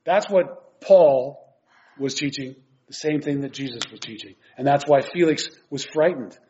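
A man's voice: mid-range voice, a little slow, darkish tone, a little hiss or hum. A man preaching a sermon earnestly and emphatically, reading scripture aloud and explaining it. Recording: dull lo-fi recording.

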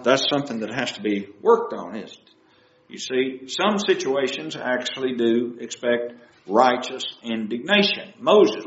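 A man's voice: medium pitch, echoey room, dull audio. A man preaching a sermon, asking his listeners question after question. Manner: asks the audience many questions.

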